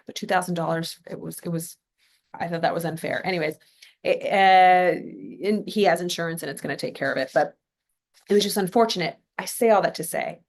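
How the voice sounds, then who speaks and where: A woman from California talks in a slightly lower register. She hosts a casual motivational podcast. She tells her stories chattily, with lots of "um" and "like" and little asides along the way. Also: fairly quick. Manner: chatty storytelling, many fillers and asides. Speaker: podcast host.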